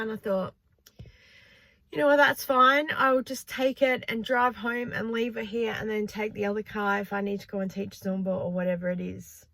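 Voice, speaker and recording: A woman, chatting casually in a vlog and telling stories in an animated way with frequent laughs. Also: on the high side, vocal fry, no room sound. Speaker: vlogger. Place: in a car.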